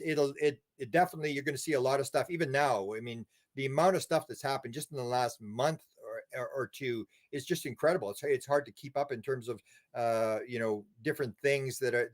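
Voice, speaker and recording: An older man, a guest in a casual interview, telling animated stories with many restarts and repeated words. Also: mid-range voice. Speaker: interview guest, UFO researcher.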